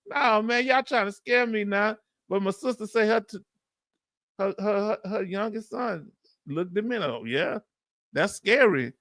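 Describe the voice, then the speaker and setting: A man's voice: high-pitched, sharp tone, dry recording, studio quality. Southern man hosting a live Q&A. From United States. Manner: casual, conversational, laughs often. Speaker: livestream host. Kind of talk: live Q&A, reading and answering chat comments. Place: Texas.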